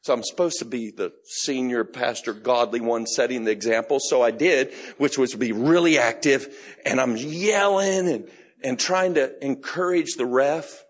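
A middle-aged man pastor preaching a sermon, telling a personal story with laughs and bursts of shouting. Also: medium pitch, normal speed. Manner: animated storytelling, laughing, shouting in retold moments.

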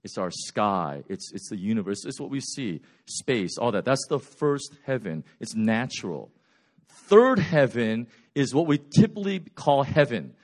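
A man preaching a sermon, retelling Bible stories with lively voices for the characters and swinging between loud bursts and quiet, slow passages. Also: medium pitch. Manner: animated storytelling, acts out biblical characters' voices.

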